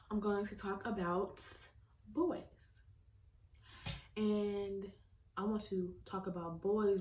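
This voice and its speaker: A woman's voice: fairly low pitch, a little mellow, a little hiss or hum. A woman chatting expressively to her viewers while eating, in a casual mukbang vlog. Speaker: vlogger. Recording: echoey room.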